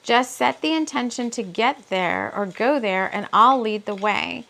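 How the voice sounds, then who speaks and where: A woman reading aloud the lines of a kindly male gnome who guides a girl, soft-spoken and gentle. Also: a little high, expressive, unhurried.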